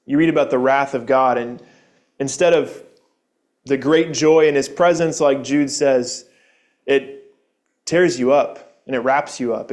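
A man giving a sermon in a church, speaking earnestly and conversationally, posing rhetorical questions to the congregation. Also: medium pitch. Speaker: pastor. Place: church building.

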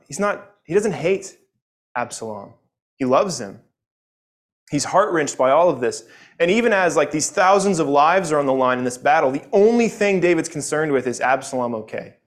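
A man teaching a Sunday morning Bible lesson, earnest and conversational, often repeating words as he goes. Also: fairly high pitch.

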